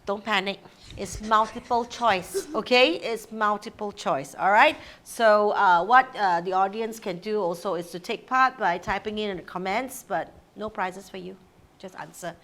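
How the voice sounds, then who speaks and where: A woman's voice: mid-range voice, normal speed, a bit bright. A woman hosting a live show in casual chat, playful and joking. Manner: playful, jokey, upbeat. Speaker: host.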